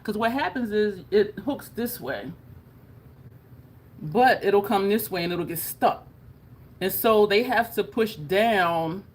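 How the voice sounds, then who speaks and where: A woman's voice: medium pitch, husky. A woman vlogging to camera in a casual, chatty way, laughing often and showing her jaw as she talks. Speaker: beauty vlogger.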